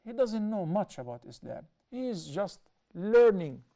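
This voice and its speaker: Man teaching a hadith, dark voice. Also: high-pitched, very animated. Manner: measured, explanatory, with repeated self-corrections. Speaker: Islamic teacher. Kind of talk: explaining a hadith to a class.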